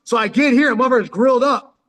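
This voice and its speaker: Guy spinning loose street stories into his phone, raised pitch, lots of slang and swearing, in a reverberant space. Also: fast, a bit bright. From San Diego, California. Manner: profane slang, calls listener "dog" constantly. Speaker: vlogger telling life stories. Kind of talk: rambling street storytelling. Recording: long hall reverb.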